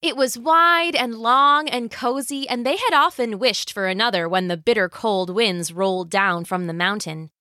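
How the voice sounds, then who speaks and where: A woman narrating a folk tale as a storyteller, slow and expressive. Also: on the high side, no room sound, studio quality.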